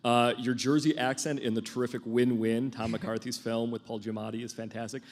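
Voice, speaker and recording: Man, interview host, rapid talker, mid pitch, praising questions. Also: level tone. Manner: quick, complimentary questioning.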